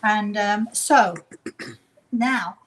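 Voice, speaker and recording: A woman's voice: mid-range voice, very slow, a little hiss or hum, rough recording. English lady chatting while she cooks in her kitchen, rambly, pokes fun at herself, faint dish clinks behind. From England. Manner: chatty, rambling, self-deprecating asides. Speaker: cooking show host. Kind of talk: casual home cooking demonstration. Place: home kitchen.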